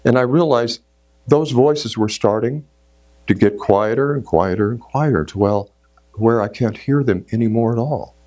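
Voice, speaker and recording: A middle-aged man telling a story in a sermon, acting out inner voices and moving from shouts to hushed tones. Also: medium pitch, normal speed. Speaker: speaker at a church service.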